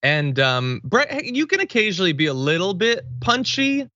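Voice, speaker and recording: A man's voice: sits high, moderate pace, no room sound, dull audio. A man hosting a casual news talk show, joking and laughing with his co-host. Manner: jokey, animated, laughs often.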